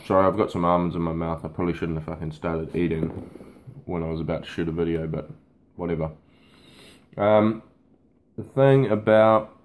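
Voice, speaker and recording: A boot camp fitness trainer talks unscripted to the camera, blunt and casual, swearing freely. He has a deep voice with a darkish tone.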